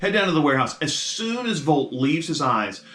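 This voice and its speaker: A man's voice: on the high side, very animated, moderate pace, fairly bright tone. A man running a tabletop game as game master, narrating with lots of hesitations and fillers. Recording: echoey room with faint noise.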